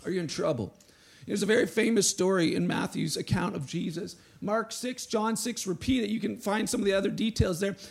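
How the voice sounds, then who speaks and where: Male pastor, sermon, high voice, gravelly edge, animated storytelling. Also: a little fast. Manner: animated, acts out quotes with rising voice.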